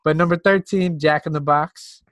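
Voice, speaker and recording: A man's voice: fairly high pitch, fairly even intonation, moderate pace, a bit bright, dry recording, clean studio sound. A man co-hosting a podcast, laid-back and reading out a ranking list in casual chat. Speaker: podcast co-host.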